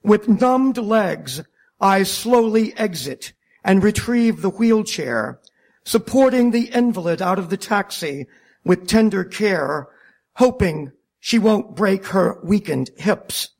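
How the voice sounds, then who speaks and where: A man narrating a wry first-person story about driving a taxi, deliberate and self-mocking. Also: sits high, lively intonation, gravelly, darkish tone.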